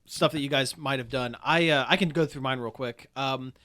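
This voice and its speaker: A man's voice: medium pitch, moderate pace, bright, forceful tone. A man hosting a podcast, chatting casually and rambling with lots of fillers and restarts. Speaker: podcast host. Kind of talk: casual chat.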